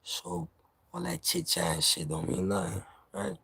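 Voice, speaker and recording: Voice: deep voice, big pitch swings, measured pace, vocal fry, fairly bright tone, slightly rough, no room sound. A vlogger from New York ranting to camera in casual, profane street slang, heated and laughing by turns.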